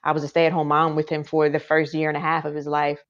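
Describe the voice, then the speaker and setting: A woman's voice: low-pitched, monotone, fast talker. A woman as a podcast guest, telling a personal story in a heartfelt, emotional way with many fillers. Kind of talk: casual interview storytelling. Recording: dull lo-fi sound.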